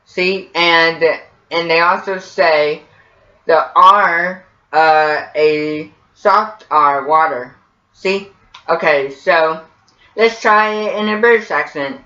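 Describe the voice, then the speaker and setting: A man's voice: on the high side, slow, sharp tone. A man from the United States with an American accent, hosting a casual how-to video and often hesitating with ums and repeated words. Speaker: vlogger. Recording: roomy, dull lo-fi sound.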